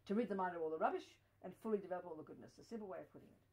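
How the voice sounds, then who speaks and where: A woman's voice: on the low side, very fast, a little mellow, low-quality recording. A woman giving a Buddhist teaching to a study group, talking emphatically with many "you know"s. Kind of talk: dharma teaching talk.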